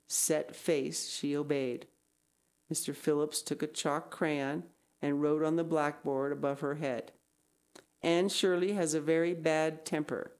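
A woman's voice: deep voice, a little mellow. A woman reading a classic novel aloud, now and then breaking off into casual asides. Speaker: reader.

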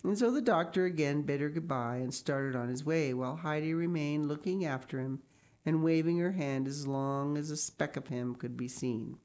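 A woman reading a children's book aloud, pausing now and then for chatty asides. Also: deep voice, darkish tone. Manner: reads slowly, stops to comment and cough. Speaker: reader.

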